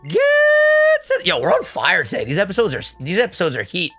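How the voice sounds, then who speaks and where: A young man giving casual gameplay commentary as a co-host, excitable and teasing, laughing often. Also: high voice, moderate pace, soft background music. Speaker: co-host of a gaming series.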